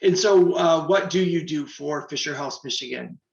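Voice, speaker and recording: A man's voice: fairly high pitch, moderate pace, gravelly. A man hosting a TV interview, asking short questions with brief encouraging interjections. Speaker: TV interview host. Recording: roomy dull-sounding studio audio.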